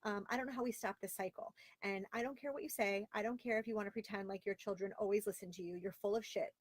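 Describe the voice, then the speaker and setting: A woman's voice: medium pitch, fairly even intonation, quick pace, no echo. A woman in her thirties hosting a casual live stream from home, talking candidly and with exasperation and reading out viewer comments. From Florida, via Long Island. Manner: candid, exasperated and chatty, with lots of "like". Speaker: host of a live video show. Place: home closet.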